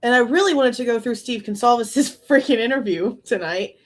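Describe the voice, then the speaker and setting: A woman's voice: fairly high pitch, brisk. A woman hosting a live true crime stream, reacting with exasperated, sarcastic commentary, often laughing and swearing.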